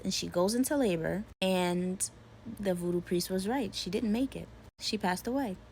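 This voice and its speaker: A woman telling a scary story in a casual, chatty way, talking straight to her viewers and acting out what each person says. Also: mid-range voice. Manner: chatty, addresses the audience directly, acts out the characters' lines.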